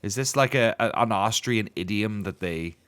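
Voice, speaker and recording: A man's voice: on the low side, moderate pace, a bit bright, clean tone. A man co-hosting a casual motorsport podcast, musing in a rambling way with dry asides. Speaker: podcast co-host.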